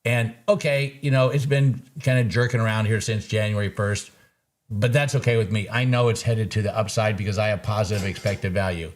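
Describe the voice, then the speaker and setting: A man's voice: fairly low pitch, fairly even intonation, a little fast. A man hosting a live market recap, talking casually, laughing easily and throwing in folksy sayings. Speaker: trader and show host.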